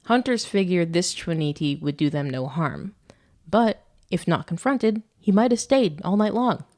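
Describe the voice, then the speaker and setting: A woman's voice: fairly low pitch, animated, normal speed, darkish tone. A woman co-hosting a podcast, reading a story aloud and breaking off for joking asides. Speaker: podcast co-host.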